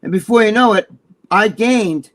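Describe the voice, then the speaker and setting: Excitable high-voiced man, profane chat. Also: normal speed. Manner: profane, excitable storytelling with many restarts. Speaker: co-host. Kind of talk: casual chat.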